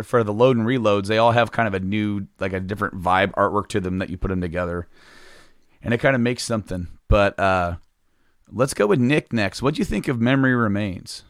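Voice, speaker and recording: A man's voice: on the low side, no room sound, studio quality. A man hosting a casual music podcast, talking loosely with many restarts and fillers. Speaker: podcast host. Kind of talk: casual chat.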